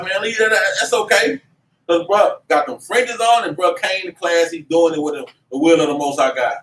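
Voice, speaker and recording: A man teaching a religious class in an animated, preachy way, with lots of slang and repeated "man". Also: sits high, normal speed. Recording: echoey room, mic at a distance, faint noise.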